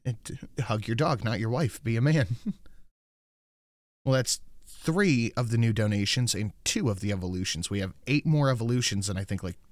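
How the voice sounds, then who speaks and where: A man's voice: mid-range voice, moderate pace, dry recording, studio quality. A man hosting a casual chat show, reading out donations and messages in a playful way. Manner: playful, coos at cute pictures.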